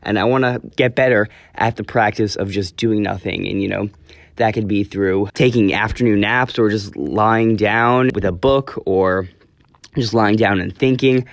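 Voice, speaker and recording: A man's voice: fairly low pitch, no room sound. A teenage boy hosting his own podcast, talking casually and earnestly, often correcting himself as he goes. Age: teens. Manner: rambling, earnest, self-correcting. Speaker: podcast host. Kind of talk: casual solo podcast talk.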